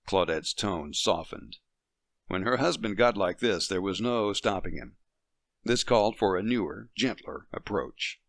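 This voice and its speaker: Man, audiobook narration, lowish voice, lively intonation, dry close sound. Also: measured pace, no echo. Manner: steady, expressive reading. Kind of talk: scripted narration.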